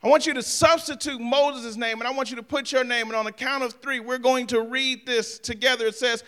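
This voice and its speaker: A man preaching a sermon, talking straight to the congregation with humor and swinging from soft asides to shouting. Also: very high-pitched, steady tone, brisk, hardly any pauses. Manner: humorous, talks to the congregation directly. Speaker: pastor.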